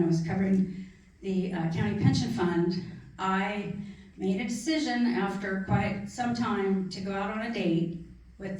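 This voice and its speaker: A woman's voice: medium pitch, a little mellow. Earnest author woman in echoey hall. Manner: chatty, earnest, gets emotional. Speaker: author discussing her book. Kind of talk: casual book talk. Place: library event room. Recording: echoey room from far off.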